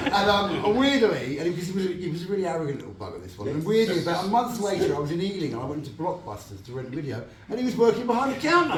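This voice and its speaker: A man holds forth at a fan event with a bright, bouncing voice that swings widely in pitch, slipping into other characters' voices as he tells his stories. He sounds a little distant from the microphone, his words ringing around a large echoing hall while an audience murmurs behind him. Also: quick pace. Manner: animated, laughing, acts out voices in his stories. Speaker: guest actor on a fan event panel. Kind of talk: anecdotal storytelling to an audience. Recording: echoey hall, distant mic, crowd.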